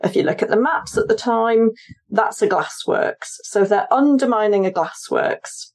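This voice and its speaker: A woman's voice: a little high, measured pace, darkish tone. A woman historian and author, a guest on an interview podcast, explaining her research at length and thinking aloud as she goes. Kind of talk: conversational interview.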